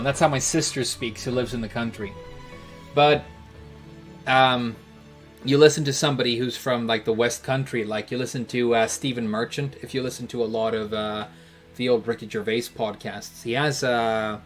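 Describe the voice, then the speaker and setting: A British man chats through a game stream at a mid pitch, wandering from joke to joke and filling gaps with little hesitations. His talk stays loose and offhand. Soft music plays quietly behind him. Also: fairly even intonation, normal speed. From Britain. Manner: rambling, joking, trails off with "uh". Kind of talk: casual chat answering viewers while gaming.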